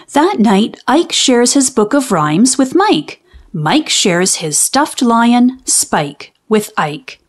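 Lady reading a kids book out loud, slow and sing-songy, teacher vibe. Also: on the high side, big pitch swings. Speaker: children's book reader. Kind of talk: read-aloud storytime with phonics lessons.

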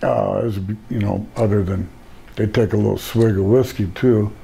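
A man's voice: on the low side, fairly even intonation, moderate pace, gravelly, dark tone, slightly rough. An older man, a retired pro wrestler, telling rambling laid-back stories in a casual interview and laughing at his own jokes.

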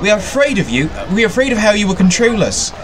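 A man's voice: high voice, animated, moderate pace, voice pushed up, low-quality recording. A man voicing a timid young servile creature in a game, stammering and quavering. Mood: fearful.

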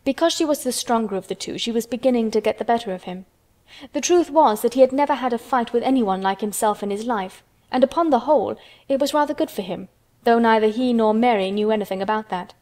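A woman reading a children's storybook aloud in steady, measured narration. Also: on the high side.

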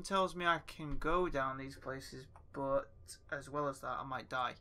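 A man's voice: medium pitch, unhurried, pushed and bright. A young man casually commenting while playing a game, chatty, swearing often and talking to himself. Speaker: gaming YouTuber. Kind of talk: casual let's play commentary.

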